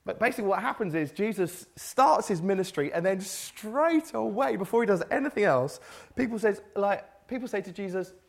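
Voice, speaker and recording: A man's voice: high-pitched, lively intonation, moderate pace, vocal fry. A man preaching a casual sermon, asking the room rhetorical questions and reading scripture aloud. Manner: conversational, rhetorical questions, occasional restarts.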